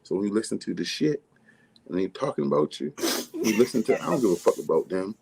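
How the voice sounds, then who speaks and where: A man's voice: on the low side, very animated, quick pace, gravelly, background noise. A man talking about his music as a podcast guest, loose and slangy with plenty of swearing. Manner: laid-back slangy talk, profane. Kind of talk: casual podcast chat.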